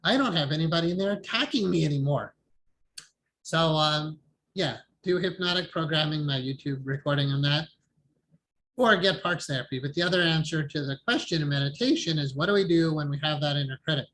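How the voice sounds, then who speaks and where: Brief: male meditation teacher, slightly high voice, relaxed and chatty, faint hiss behind. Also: brisk, poor audio. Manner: calm, conversational, laughs often. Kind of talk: online support group class. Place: home, online video call. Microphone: video call microphone.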